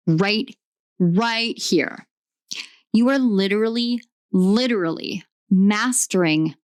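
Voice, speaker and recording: A woman gives a tarot reading, stacking emphatic, repetitive affirmations. She speaks slowly and deliberately. Her voice is recorded close and dry. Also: medium pitch, no room sound. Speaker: tarot reader.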